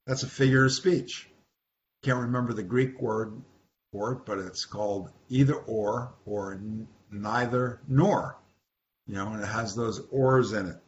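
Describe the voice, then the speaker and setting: Slow, conversational man teaching scripture. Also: fairly low pitch, fairly even intonation. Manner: conversational, repeats words, asks the group questions. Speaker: Bible teacher. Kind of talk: informal Bible study teaching. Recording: dull lo-fi recording with faint hiss.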